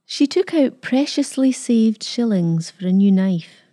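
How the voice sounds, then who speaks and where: Warm-voiced woman storyteller. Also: a little high, lively intonation, unhurried. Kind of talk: scripted narration.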